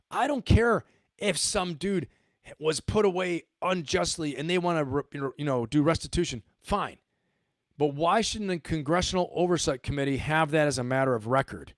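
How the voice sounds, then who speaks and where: A man's voice: a little high, no echo, clean studio sound. A man hosting a livestream, giving emphatic commentary and repeating his points for stress. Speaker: host.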